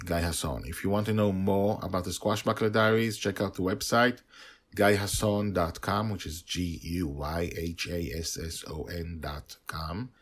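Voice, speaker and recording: A man reading his own serial story aloud, telling it in a gentle, earnest way. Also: low-pitched, no room sound. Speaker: author and reader of a serial story. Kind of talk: storybook narration.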